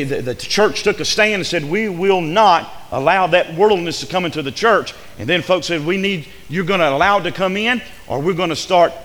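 A man preaching a sermon in a church, emphatic and repetitive, swinging between loud declarations and hushed asides. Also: sits high, big-room sound.

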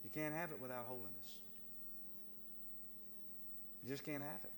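A man's voice: mid-range voice, lively intonation, moderate pace, big-room sound, slight background noise. A man preaching a sermon as pastor, reading scripture and driving points home by repeating phrases to the congregation. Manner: emphatic preaching, repeats phrases, addresses brethren.

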